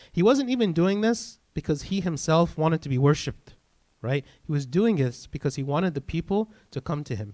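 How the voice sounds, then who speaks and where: A man's voice: a little high, a little mellow. Earnest priest, a man preaching. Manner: earnest, explanatory, with frequent "right?" and "okay?". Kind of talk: sermon.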